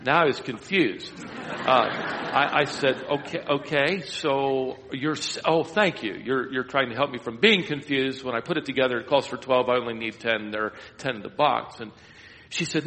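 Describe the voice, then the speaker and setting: A man's voice: mid-range voice, normal speed, bright, forceful tone. Storytelling man in a reverberant hall. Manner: rambling anecdotal storytelling with self-deprecating humor. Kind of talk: storytelling sermon.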